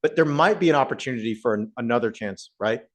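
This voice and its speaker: A male professor speaks to a live audience in a meeting room. His pitch sits in the middle range. His delivery is conversational, and he often turns to the audience with questions. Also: quick pace. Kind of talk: public talk to a live audience.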